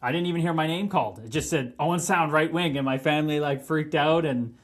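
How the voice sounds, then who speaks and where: A man in his thirties, a hockey player telling stories on a podcast, animated, swearing and laughing as he goes. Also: a little high, fast. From Canada. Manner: animated, profane, laughing storyteller. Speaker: guest, pro hockey player. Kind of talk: casual podcast storytelling.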